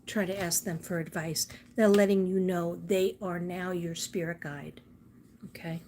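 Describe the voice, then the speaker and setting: A woman's voice: lowish voice, steady tone, unhurried, a little mellow, slight background noise. A woman giving a casual psychic card reading in a chatty, homespun way, rambling with small asides. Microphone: phone camera.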